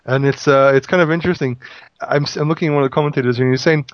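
A man's voice: medium pitch, fairly even intonation, racing, dry recording. A man casually teaching a Bible passage, explaining it in a loose, restarting way. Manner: explanatory, with frequent restarts and fillers. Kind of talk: casual Bible study discussion. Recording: dull lo-fi audio.

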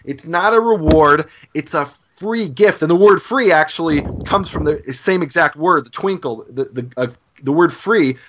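A man's voice: fairly high pitch, moderate pace, hardly any pauses, fairly bright tone, muffled recording. A man, a guest author, earnestly explaining an idea in a podcast conversation, with frequent restarts.

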